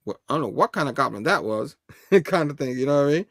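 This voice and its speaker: A man's voice: on the high side, expressive, moderate pace, pauses often, dry recording, clean studio sound. Laughing casual male comic reviewer. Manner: laughs often, loose, acts out dialogue. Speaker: show host, comic reviewer.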